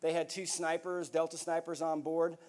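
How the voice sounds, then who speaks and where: Middle-aged male keynote speaker, fairly high voice, animated storyteller. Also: normal speed. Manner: vivid, animated storytelling with bursts of laughter. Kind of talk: storytelling talk to a live audience.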